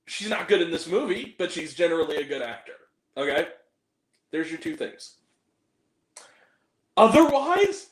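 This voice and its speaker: Lively high-voiced man reviewing movies. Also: slow, long pauses, echoey room, low-quality recording. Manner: animated, joking, mock-angry rants. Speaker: movie review show host. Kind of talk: casual movie review talk.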